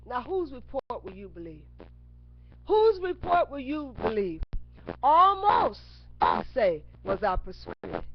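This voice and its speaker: A woman preaching an impassioned sermon-style monologue straight into her webcam. Her high voice swings widely and keeps slipping into a gravelly fry as she chants single words again and again. The muffled, lo-fi recording carries a clear layer of noise. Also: very animated, slow. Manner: repetitive, chanting words over and over; bursts into shouts. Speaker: webcam speaker. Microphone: webcam mic.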